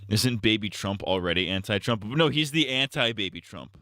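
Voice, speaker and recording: Low, bright-voiced young male streamer. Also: lively intonation, moderate pace, few pauses, dry recording, clean studio sound. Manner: rambling, crude and joking, with frequent laughs. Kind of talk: casual live-stream commentary.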